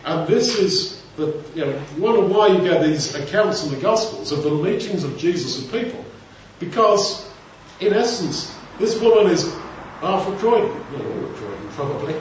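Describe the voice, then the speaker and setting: Male preacher, conversational and rambling, somewhat high voice, recorded from a distance. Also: animated, normal speed, few pauses, slight background noise. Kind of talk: informal Bible teaching. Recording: echoey room, distant mic, dull sound.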